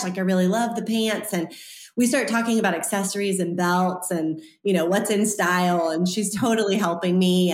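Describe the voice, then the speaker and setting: Animated woman telling a story, roomy sound. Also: mid-range voice. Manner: animated, acts out quoted voices. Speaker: author and guest. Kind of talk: interview storytelling. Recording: roomy echo.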